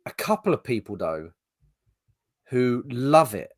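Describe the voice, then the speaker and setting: A man's voice: mid-range voice, very animated, unhurried, no echo. Ranting man, dry close sound. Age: middle-aged. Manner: ranting, exasperated, swears freely. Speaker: podcast co-host. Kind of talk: casual podcast chat.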